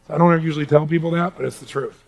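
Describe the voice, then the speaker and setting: A man's voice: fairly high pitch, steady tone, rapid-fire, gravelly. A man giving an emphatic motivational talk to a live audience in a large room, calling for responses from the crowd. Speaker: motivational speaker.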